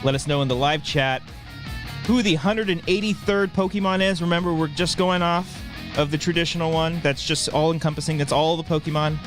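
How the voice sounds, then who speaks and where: A man's voice: fairly high pitch, fairly even intonation, fairly quick, faint music behind. A young man hosting a casual comedy podcast, joking and teasing his friends. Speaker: podcast host.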